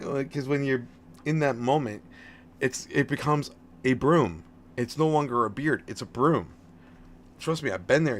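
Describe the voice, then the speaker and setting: A man's voice: medium pitch, slight background noise. A man in his thirties chatting casually on a live stream about a game, friendly and rambling, often restarting his words. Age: 30s. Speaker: game livestreamer.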